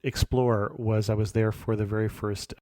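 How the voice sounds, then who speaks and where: A man hosting a travel podcast interview, relaxed and chatty, often chuckling and giving short affirmations. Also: on the low side, normal speed, no echo, clean studio sound. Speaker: podcast host. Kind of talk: conversational interview.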